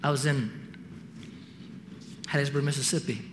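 A man's voice: mid-range voice, normal speed, in a large hall, noisy background. A man giving a sermon, telling stories and acting out the voices of people in them. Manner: animated, acts out voices in stories. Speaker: preacher. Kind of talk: sermon with storytelling.

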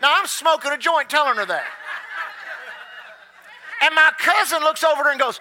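A man preaching a sermon as a pastor, telling stories and drawing out key words slowly for emphasis. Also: very high voice, lively intonation, pushed and bright, a little hiss or hum.

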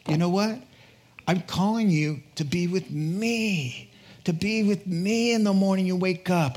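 A male preacher with a slightly high voice delivers a lively sermon. He urges his listeners on, repeats words for emphasis, and drops in joking asides at his own expense. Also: measured pace. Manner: energetic, exhorting, repeats words for punch; jokey asides, laughs at himself.

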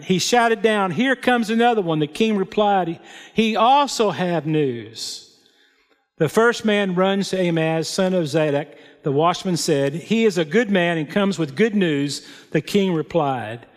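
A man preaching a sermon, reading scripture and adding plain, folksy comments. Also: sits high. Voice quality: unhurried, plain spoken storytelling with folksy asides. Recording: long hall reverb.

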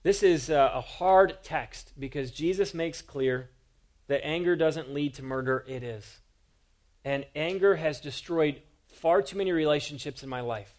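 An earnest male pastor preaches a sermon from the pulpit, his voice a touch higher than most men's and a bit dark in tone. He speaks a little slowly, pressing his points with emphatic rhetorical questions.

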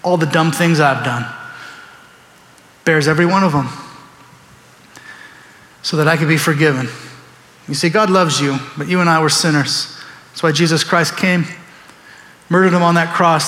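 A man's voice: on the high side, fairly even intonation, moderate pace, pauses often, a bit bright, big-room sound. A man preaching a sermon in a church, conversational and storytelling, acting out quoted voices. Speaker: pastor. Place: church sanctuary.

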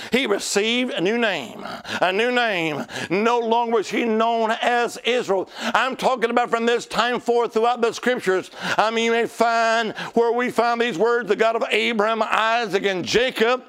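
Male preacher, high raspy tone, call-and-response sermon style. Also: unhurried, few pauses, a bit bright.

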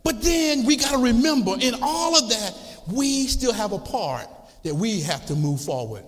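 A man preaching a sermon as a church's congregational director, impassioned and repetitive, building up to shouting. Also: very high-pitched, big pitch swings, normal speed. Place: church sanctuary. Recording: long church reverb.

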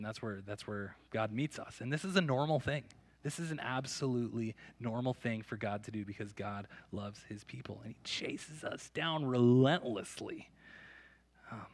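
A man preaching a sermon at a church service, reading scripture with dramatic emphasis and breaking into lively, joking asides. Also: mid-range voice, no room sound. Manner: animated storytelling with asides and jokes. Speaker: pastor.

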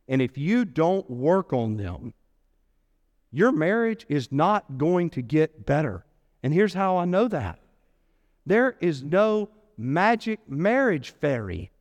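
A man preaching a sermon as pastor, telling a Bible story with playful asides and lively delivery. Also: a little high, unhurried. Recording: long hall reverb.

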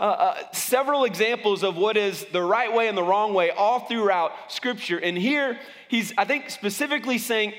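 A man's voice: sits high, a bit bright, big-room sound. A man preaching as a pastor, talking conversationally and often restarting his sentences. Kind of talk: sermon.

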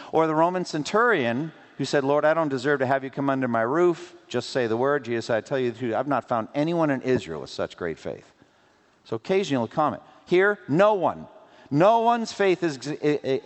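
A man delivers a sermon with plenty of rhetorical questions and playful asides. His pitch rises and falls in lively swings. The sound rings with a long reverb from a large hall. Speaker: pastor.

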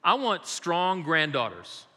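The long reverb of a large sanctuary surrounds this guest preacher, an elderly great-grandfather who mixes prayer with humorous, folksy tales about his family. He speaks slowly, his voice on the high side, pushed and bright, with wildly swooping pitch.

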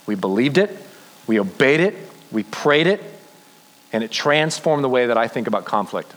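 A man preaching a sermon as a pastor, telling his story earnestly and slowing down for emphasis. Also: mid-range voice, animated, fairly bright tone, rough recording.

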